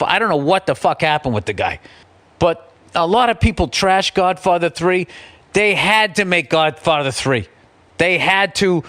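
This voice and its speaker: A middle-aged man hosting a podcast, telling a story in a casual, profane, animated way and slipping into quick impressions. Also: on the high side. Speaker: podcast host.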